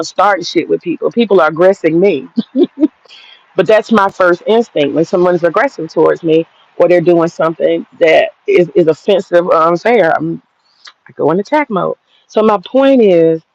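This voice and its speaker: A woman's voice: on the low side, creaky, darkish tone, dull audio. A woman in her forties telling a personal story straight to viewers, blunt and profane, laughing through it. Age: 40s. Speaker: vlogger.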